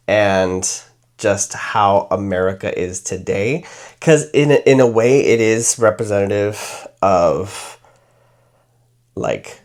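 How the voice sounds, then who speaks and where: A man's voice: fairly low pitch, a little mellow. A man hosting a casual book review while doing his makeup, rambling with lots of fillers and correcting himself as he goes.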